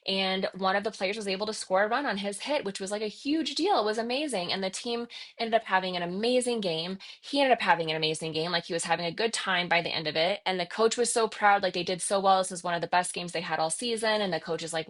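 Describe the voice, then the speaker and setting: A woman's voice: medium pitch, fast talker, hardly any pauses. A middle-aged woman hosting a podcast, telling a personal story in an earnest, confessional way, with lots of "like" and "right?" fillers. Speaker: podcast host.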